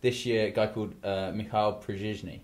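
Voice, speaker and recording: Hosting a casual talk show, an Englishman chats in a rambling way, often saying "you know," restarting and going off on asides. His voice sits on the low side, slightly mellow, with a level tone at a normal pace.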